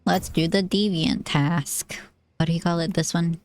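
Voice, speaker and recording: Low-voiced woman streaming a game. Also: fairly even intonation, normal speed, faint music behind. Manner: chatty, reactive, swears when startled. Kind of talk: casual gaming commentary.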